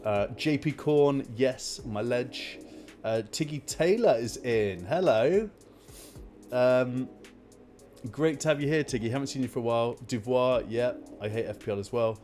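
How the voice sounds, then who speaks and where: A man hosting a casual live stream, telling an exasperated, animated story and rambling with many fillers. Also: mid-range voice, unhurried, faint music behind.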